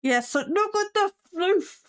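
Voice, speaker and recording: A woman's voice: very high voice, expressive, a little slow. A woman hosting a casual live stream from her desk at home, chatting with viewers and her cat with a sarcastic, self-mocking humor.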